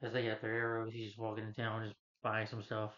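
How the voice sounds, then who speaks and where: A man casually retelling a film's plot as a reviewer, rambling and halting with lots of "you know" and restarts. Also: on the low side, completely flat delivery, a bit bright. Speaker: movie reviewer. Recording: slightly dull lo-fi recording.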